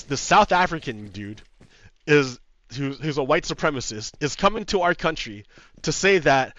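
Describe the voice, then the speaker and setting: A man's voice: on the high side, a bit bright, dry recording, highs cut off. A man hosting his own gaming video, ranting in casual commentary, heated and profane, repeating himself and laughing often. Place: home setup with green screen.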